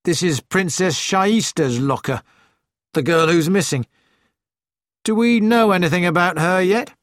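A man's voice: sits high, unhurried, no echo, studio quality, voice pushed up. A man reading aloud as a grave, gloomy male police inspector asking questions.

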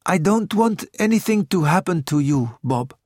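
A man's voice: on the high side, expressive, normal speed, darkish tone, no echo, studio quality, pitched above the performer's own voice. A man voicing a young prince, raised and pleading. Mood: troubled. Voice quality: earnest, pleading. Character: young male prince, sad, anxious, proud. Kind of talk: audiobook reading.

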